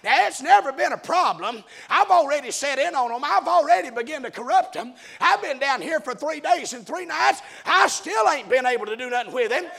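A man's voice: very high-pitched, expressive, brisk, gravelly, few pauses, a bit bright, pitched above the performer's own voice, full character voice. A preacher voicing the spirit of corruption as a baffled old man with a drawl.

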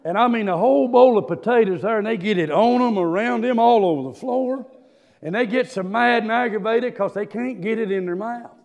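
An older man preaching a sermon, telling folksy stories with drawn-out fillers and climbing into shouts. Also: creaky, highs cut off. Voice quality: high-pitched, rising to shouts. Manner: folksy storytelling, drawling fillers.

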